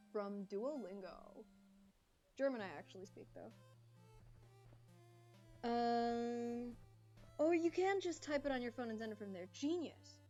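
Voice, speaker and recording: A woman streaming live who chats casually with her viewers and answers their messages, sounding slightly congested. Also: fairly high pitch. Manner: chatty, reading and answering chat.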